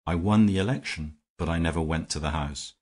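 A man voicing a clever, weary English gentleman with a dry, ironic manner, in an audiobook reading. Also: sits low, brisk. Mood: resigned.

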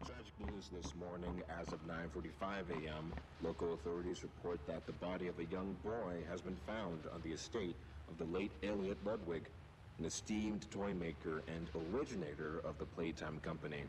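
An actor playing a male TV news anchor, reading a broadcast in a measured, formal way. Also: low-pitched, fairly even intonation, darkish tone, a little hiss or hum, lightly acted. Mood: grave.

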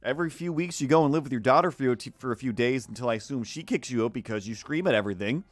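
A man's voice: medium pitch, very fast, no room sound. A man rambling sarcastically through a neighbor story during a casual art stream, acting out the quoted voices. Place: home art stream setup.

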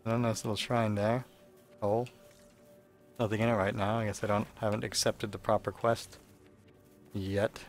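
A man's voice: lowish voice, little pitch movement, normal speed, long pauses, faint music behind. A man giving casual, sarcastic, rambling commentary while playing a video game. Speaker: let's play host.

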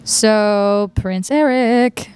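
A woman's voice: medium pitch, drawn-out words, darkish tone, clean tone. A woman interviewing cast members for a local channel, upbeat and enthusiastic. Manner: enthusiastic, bubbly.

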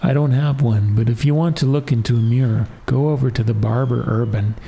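A man voicing a lonely, weary old cobbler who talks slowly. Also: mid-range voice, steady tone, gravelly, mellow, lightly acted. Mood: gruff.

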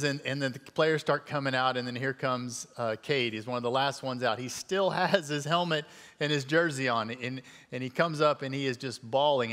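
A middle-aged man gives a storytelling sermon as a guest speaker, chatty and folksy with plenty of fillers. His voice sits a little high for a man. The sound carries a long reverb from the church sanctuary. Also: fairly bright tone. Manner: conversational, with many fillers and folksy asides.

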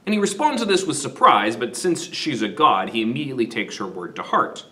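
A man's voice: medium pitch, very animated, brisk, hardly any pauses, bright, forceful tone. A man teaching literature who summarizes the story in a casual, conversational way.

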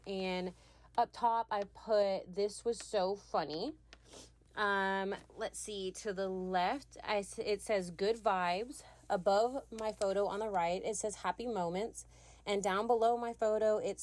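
A woman's voice: mid-range voice, fairly even intonation, unhurried. A woman, chatting casually with lots of ums while crafting at home. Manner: chatty, frequent ums, laughs lightly. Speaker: scrapbooking video creator.

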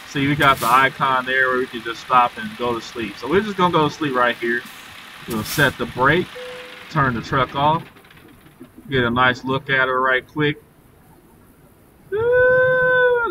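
A man giving casual, chatty commentary on a live gameplay stream, talking to his viewers as y'all and breaking into excited exclamations. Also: medium pitch, distant mic, noisy background. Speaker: livestreamer. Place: inside his truck cab.

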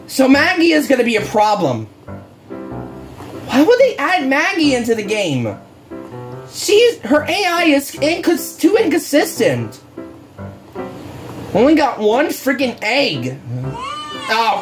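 Exasperated woman streamer, slow drawn-out complaints over game music. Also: sits high, wildly swooping pitch. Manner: exasperated, frequent groans and "bruh". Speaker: gaming channel host. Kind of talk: horror game commentary. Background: game music and barking dogs.

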